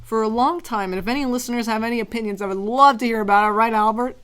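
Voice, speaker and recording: A woman's voice: fairly high pitch, very fast, fairly bright tone, clean tone. Young woman guest on a podcast, laughy and playful, just chatting. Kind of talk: casual chat.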